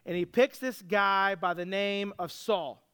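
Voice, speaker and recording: A man preaching a sermon with a very high voice that is smooth and clear. He retells the story casually and breaks in with jokes, like a pastor talking to his church. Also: unhurried, fairly bright tone. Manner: casual storytelling with joking asides.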